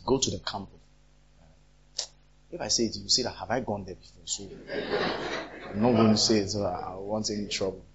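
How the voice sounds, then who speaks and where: A man's voice: lowish voice, a little fast, long pauses, slight background noise. A man preaching a sermon, acting out quarrels as he talks. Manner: animated, acts out quarrels in different voices. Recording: dull lo-fi recording.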